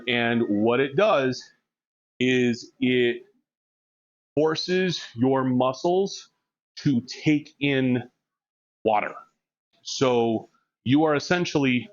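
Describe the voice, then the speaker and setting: A man's voice: mid-range voice, highs cut off. A man streaming live during a gym session, chatting candidly and rambling, laughing often. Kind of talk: casual chat while working out.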